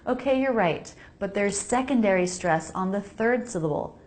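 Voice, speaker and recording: Her voice sits at medium pitch, expressive and a little mellow, moving at a moderate pace. Standing in a home laundry area, this American pronunciation teacher models English sounds with care and repeats words for viewers to echo.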